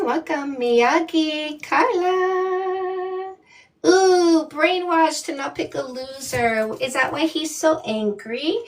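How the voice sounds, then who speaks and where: High-voiced, slow, blunt woman dating coach. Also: distant mic. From Canada. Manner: blunt, sassy, emphatic. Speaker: dating coach and livestream host. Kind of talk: live-stream chat, reading viewer comments.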